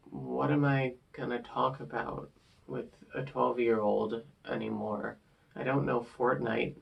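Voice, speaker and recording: A man in his twenties talking earnestly in a casual personal vlog, soft-spoken, with frequent filler words. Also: mid-range voice, gravelly, muffled recording. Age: 20s. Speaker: vlogger.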